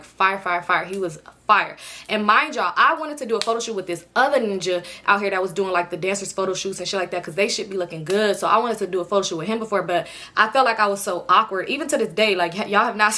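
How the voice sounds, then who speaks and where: Young woman spilling a storytime, blunt and slangy, bright fast voice. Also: mid-range voice. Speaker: storytime vlogger. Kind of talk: casual storytime chat.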